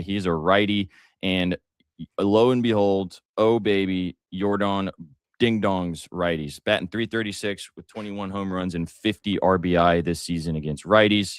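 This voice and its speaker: A man hosting a live sports betting show, talking casually with jokes, fillers and bursts of excitement. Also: low-pitched, smooth, dry recording, clean studio sound. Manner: excitable, joking, lots of fillers.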